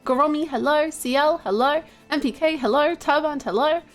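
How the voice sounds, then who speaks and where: A woman's voice: sits high, moderate pace, faint music behind. A woman streaming from home, chatting casually with her viewers, laughing often and greeting them by name in a playful, chaotic way.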